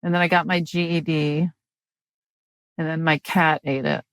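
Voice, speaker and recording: A woman in her fifties with a notably low voice speaks with a dry, halting delivery, stopping and restarting her sentences. She chats casually as a guest comedian in an interview. The sound is dry and close, with no room around it. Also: fairly even intonation, dry recording. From Mississippi, US.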